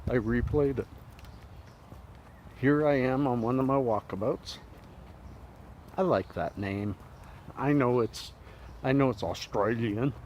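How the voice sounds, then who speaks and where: A middle-aged man talks into his phone camera while walking outside, rambling along in a loose, laid-back way and poking fun at himself. His pitch sits in an ordinary middle range. Traffic and street noise come through clearly behind him. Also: a little mellow, low-quality recording. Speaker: vlogger. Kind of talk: casual vlog monologue while walking. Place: outdoors walking toward a river.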